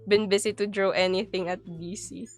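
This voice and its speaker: A woman's voice: mid-range voice, fairly even intonation, normal speed, no echo, faint music behind. A young Filipino woman with a Filipino accent, chatting casually on a live stream, giggly and mixing Tagalog with English. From Philippines.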